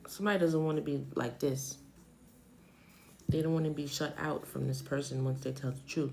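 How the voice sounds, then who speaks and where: A woman's voice: sits low, fairly even intonation, normal speed, vocal fry, a little mellow, a little hiss or hum, poor audio. A woman in her forties giving a casual, chatty tarot reading on a live stream, thinking aloud and wandering off topic. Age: 40s. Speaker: tarot reader.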